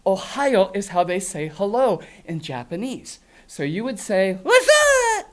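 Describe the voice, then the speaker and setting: A man's voice: sits high, expressive, measured pace, a little mellow. A man performing as a ventriloquist, playing the patient straight man who keeps correcting his partner. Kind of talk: comedy puppet routine with a studio audience.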